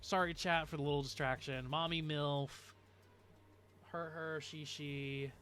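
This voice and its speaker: A man's voice: a little high, steady tone, unhurried, fairly bright tone, a little hiss or hum. A man streaming live, chatting casually and rambling to his viewers with frequent laughs.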